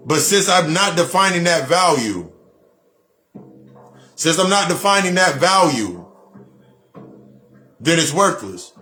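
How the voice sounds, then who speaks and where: Blunt, preachy man speaking fairly high. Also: pushed and bright. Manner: preachy, repetitive, blunt with profanity. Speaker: spiritual speaker. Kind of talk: motivational monologue.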